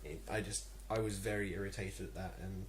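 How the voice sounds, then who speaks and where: A young English vlogger rants to camera, irritated and rambling, with lots of ums and false starts. His voice is low, with fairly even intonation and a fairly quick pace, and there's a little hiss or hum in the recording.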